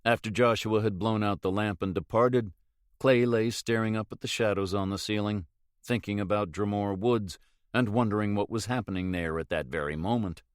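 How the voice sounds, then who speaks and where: A man reading a novel aloud in measured, even scripted narration. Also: on the low side, clear, resonant tone, no room sound, clean studio sound. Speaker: audiobook narrator.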